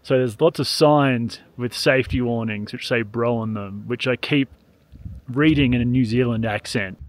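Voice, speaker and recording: A man's voice: medium pitch, normal speed, slight background noise. A young man narrating a casual travel vlog outdoors, with dry, offhand humour. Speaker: travel vlogger. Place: outdoors, remote mountain roads.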